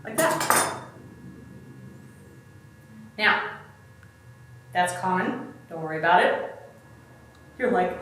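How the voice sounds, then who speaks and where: A middle-aged woman, expert in DIY, guides viewers step by step through a craft in a chatty, self-deprecating, casual way. Her voice is on the low side, a bit bright, and expressive, delivered slowly with long pauses, and the recording comes from a distant mic in an echoey room with faint background noise.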